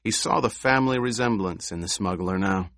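A man reading an audiobook in slow, even scripted narration. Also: lowish voice, creaky, no echo, studio quality.

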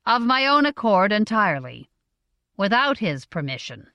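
Brief: terse young son with a level voice, read by a woman, storybook, lively pitch. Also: normal speed, no echo, lo-fi sound. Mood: level, resolved. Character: young man, quiet son, level and resolved.

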